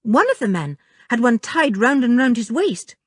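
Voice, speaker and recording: A woman doing a plucky young boy from an audiobook, his voice set well above a grown woman's and swinging lively as he talks. He tells his tale earnestly and a little breathlessly, with a husky edge to the sound. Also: fairly high pitch, normal speed, no room sound, studio quality, pitched above the performer's own voice.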